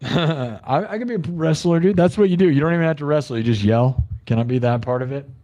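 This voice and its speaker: A man hosting a livestream, chatting casually in a rambling, excitable and joking way. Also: a little high, fast, highs cut off. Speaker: livestream host.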